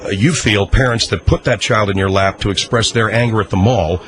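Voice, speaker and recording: A man's voice: on the low side, a little fast, fairly bright tone. A male radio talk host questioning a caller, probing and skeptical, cutting in often. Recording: radio broadcast with crowd behind.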